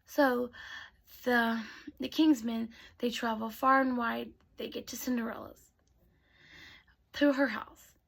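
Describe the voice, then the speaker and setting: A woman telling bedtime stories to children in a soft voice that often drops to a whisper. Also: a little high, steady tone, takes it slowly, creaky, pauses often. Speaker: storyteller. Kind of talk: bedtime storytelling.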